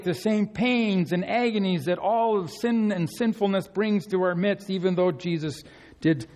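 Slow, gravelly-voiced man preaching. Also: high voice. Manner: earnest, pleading, swings between soaring emphasis and hushed tenderness. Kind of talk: sermon.

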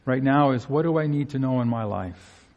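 A man preaching a sermon in an earnest, pleading way, swinging between soaring emphasis and hushed tenderness. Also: mid-range voice, moderate pace, narrow, tinny audio.

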